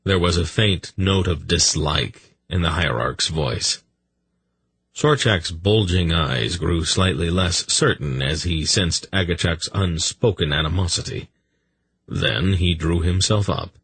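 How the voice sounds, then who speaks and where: Deep, gravelly male audiobook narrator. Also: fairly bright tone, no echo. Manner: slow, measured, dramatic. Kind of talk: scripted narration.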